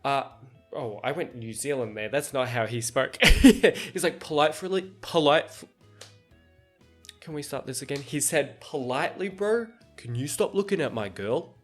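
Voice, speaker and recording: A man's voice: mid-range voice, normal speed, few pauses, soft background music. A man hosting a podcast, telling a work story in casual chat, laughing often and acting out what people said. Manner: animated, laughs often, acts out quoted dialogue. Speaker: podcast host.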